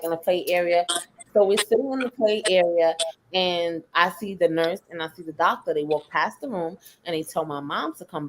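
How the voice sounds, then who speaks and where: A woman in her thirties, a guest, telling a personal story in an animated way, acting out her younger self. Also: mid-range voice, a little hiss or hum. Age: 30s.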